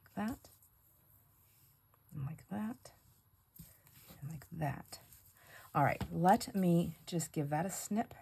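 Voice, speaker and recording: Speaking slowly with frequent pauses, a middle-aged crafting host uses a low, creaky voice with a dark tone, and there's slight background noise. She rambles through funny family stories while working, laughing often and imitating people.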